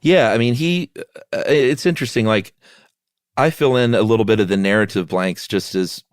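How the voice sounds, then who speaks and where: Retelling a piece of history on a podcast he co-hosts, a man chats casually and brings the quoted townspeople to life with animated impressions. He has a lowish voice and a moderate pace, recorded dry with clean studio sound.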